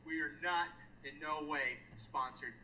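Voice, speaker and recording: High, bright-voiced man calling races. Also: fairly even intonation, distant mic, a little hiss or hum, poor audio. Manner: joking, self-mocking, quick asides. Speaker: handicapping show host calling a race replay. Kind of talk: fast race call then casual joking chat.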